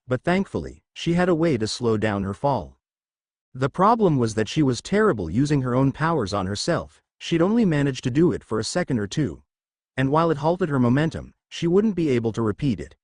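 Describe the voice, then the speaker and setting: A man narrating an action fan fiction story aloud in an animated storytelling manner. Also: medium pitch, no room sound, clean studio sound.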